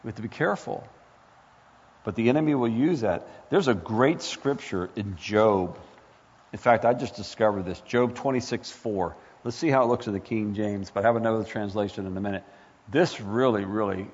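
A male pastor preaching a sermon with impassioned build-ups and rhetorical questions. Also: lowish voice. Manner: impassioned, rising to near-shouts, rhetorical questions. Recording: echoey hall, dull lo-fi sound.

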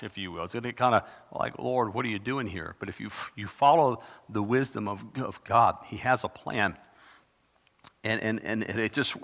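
A man preaching a sermon in a dramatic, conversational way, with sudden bursts of loud emphasis. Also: fairly low pitch. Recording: long reverb of a large hall.

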